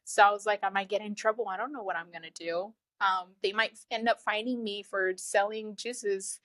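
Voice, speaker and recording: A woman's voice: moderate pace, no echo. Laughing woman, dry-sounding voice. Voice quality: low, flat-sounding voice she calls sad over the phone. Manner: animated, laughs often, acts out her own thoughts. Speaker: guest telling her story. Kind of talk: casual storytelling.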